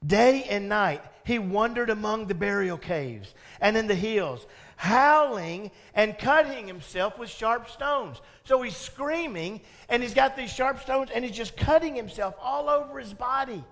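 A pastor preaching a sermon, telling the story with animated energy, asking the congregation questions and laughing along. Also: male voice, high voice, measured pace.

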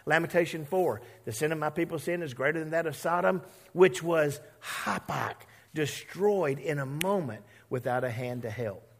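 Animated male pastor preaching a sermon. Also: a little high, moderate pace, few pauses, big-room sound. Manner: conversational, acts out voices of Bible characters; animated, playful with the congregation.

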